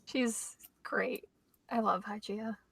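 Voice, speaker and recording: A woman's voice: mid-range voice, steady tone, slow, creaky, fairly bright tone, husky. A chatty, upbeat teenage girl in a casual talk about writing. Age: teens. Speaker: author and co-host.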